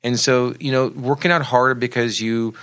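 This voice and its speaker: A man's voice: medium pitch, fairly even intonation, moderate pace, a bit bright, smooth. A man who works as a motivational speaker and coach, explaining his ideas in an earnest, reflective way during a casual podcast chat.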